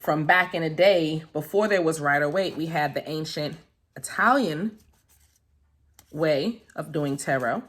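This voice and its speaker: Casual tarot vlogger, woman, low-ish voice, effusive, talks right to her viewers. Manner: gushing and effusive, with soft exclamations; talks directly to viewers, calling them guys and baby. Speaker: tarot reader and spiritual vlogger. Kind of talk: casual unboxing vlog.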